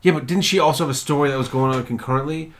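A man co-hosting a podcast who chats casually, retelling a show in a rambling, animated way with plenty of swearing. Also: on the high side, racing. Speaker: podcast co-host. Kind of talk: casual chat about a TV series.

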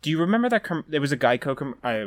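A man's voice: on the high side, rapid-fire, no room sound, studio quality. A young man hosting a podcast, telling rambling stories in casual chat. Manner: rambling storyteller, animated when retelling scenes. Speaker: podcast host.

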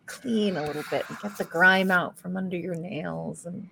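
A woman's voice: on the low side, moderate pace, creaky, sharp tone, a little hiss or hum. A woman acting as game master, setting scenes and prompting players in a loose, casual way.

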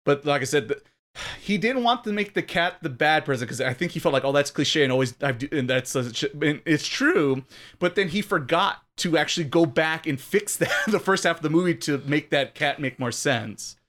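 A man's voice: a little high, lively intonation, moderate pace, fairly bright tone. A man co-hosting a podcast, chatting casually and giving long, opinionated explanations. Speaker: podcast co-host. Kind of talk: casual chat.

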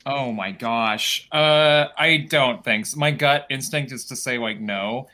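Bright-voiced playful male guest. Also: mid-range voice, slow pace. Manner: playful, rambling, jokey. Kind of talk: casual chat. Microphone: computer microphone.

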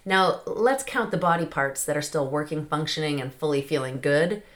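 Podcast host woman, lowish voice, chatty, close mic, laughs a lot. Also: moderate pace, a bit bright. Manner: chatty, laughs often, many "like" fillers. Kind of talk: casual motivational monologue.

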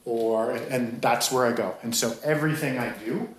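A man's voice: mid-range voice, moderate pace, heavy reverb, rough recording. A middle-aged man hosting a podcast, giving a blunt, profane, rambling pep talk. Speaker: podcast host. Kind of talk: motivational podcast monologue.

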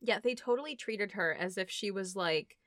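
A woman co-hosting a casual movie chat, animated and laughing, acting out scenes in quick voices. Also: medium pitch, no room sound, clean studio sound. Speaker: podcast co-host reviewing a movie.

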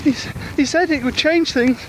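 Woman as a shaky, forgetful man in an audio drama; high-pitched, breathless pleading, light noise. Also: normal speed, lightly acted. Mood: distraught. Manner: breathless, panicky, tearful pleading. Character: confused frightened man losing his memory.

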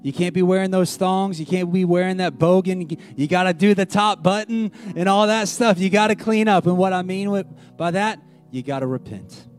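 Man preaching, high and animated. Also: soft background music. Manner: swings from loud animated retelling to hushed, slow, intimate lines. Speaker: pastor. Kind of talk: sermon.

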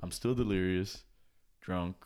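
A young man, telling a story in casual chat, swearing and excitable. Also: sits low, measured pace. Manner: excitable, swears a lot, laughs mid-story.

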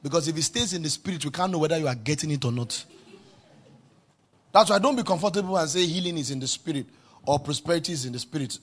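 Husky pastor preaching emphatically. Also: male voice, fairly high pitch, animated, fast. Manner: emphatic, call-and-response with the congregation. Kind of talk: sermon.

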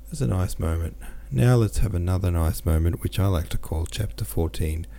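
A man with a deep, gravelly voice reads a novel chapter aloud for his podcast. His tone is dark and mellow, and he slips into easy, chatty asides between passages. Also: moderate pace. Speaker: podcast host and reader. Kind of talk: audiobook reading with listener comments.

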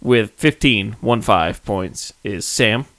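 A man hosting a casual podcast, talking quickly and insistently and laughing easily. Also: lowish voice, lively intonation, fairly bright tone. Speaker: podcast host.

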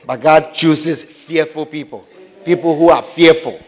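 A man preaching a sermon in a lively, humorous way, acting out little scenes, repeating phrases and often asking whether his listeners understand. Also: a little high, unhurried. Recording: long hall reverb.

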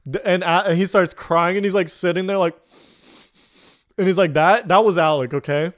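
A young man with a high voice co-hosts a casual podcast, speaking at a moderate pace. He tells a story animatedly, laughing, swearing and acting out the quotes.

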